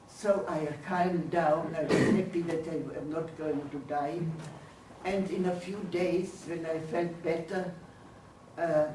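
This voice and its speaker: An older woman giving her testimony as a lecture, speaking slowly and searching for words. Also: low-pitched, mellow, slight background noise. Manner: slow, halting, searching for English words. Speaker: Holocaust survivor giving testimony. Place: lecture hall. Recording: roomy hall, voice from far off.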